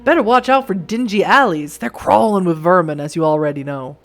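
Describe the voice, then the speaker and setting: A hoarse woman voicing a smug, sinister male stranger in black with a Western drawl, in a game. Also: sits high, fairly quick, fairly bright tone.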